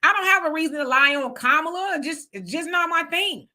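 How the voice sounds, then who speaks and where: A woman's voice: very high voice, animated, brisk, bright, forceful tone. A woman hosting a casual livestream, giving blunt opinions and greeting viewers by name as she reads their comments. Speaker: livestream host.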